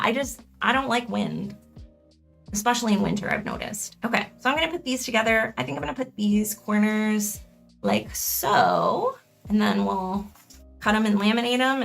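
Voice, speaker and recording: A woman's voice: on the high side, gravelly, fairly bright tone. A young woman streaming a crafting session in casual chat, rambling, correcting herself and laughing often.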